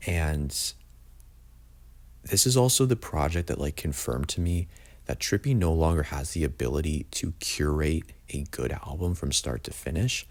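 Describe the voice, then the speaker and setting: A young man with a very deep, darkish voice ranks albums casually at a normal pace. He's blunt and opinionated, saying "like" constantly.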